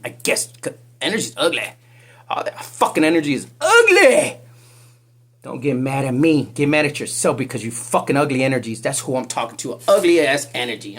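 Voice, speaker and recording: Husky, profane psychic reader. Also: medium pitch. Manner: profane, confrontational, rambling. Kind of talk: casual spiritual reading vlog.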